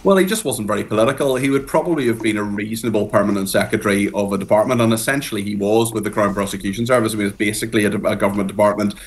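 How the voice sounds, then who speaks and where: Male pundit guest, low-ish voice, rapid and blunt, opinionated. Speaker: political commentator guest. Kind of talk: political discussion on radio.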